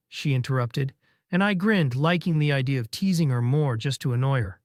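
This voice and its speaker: A man reading a first-person story aloud, delivering teasing dialogue briskly. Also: mid-range voice, dry recording, clean studio sound.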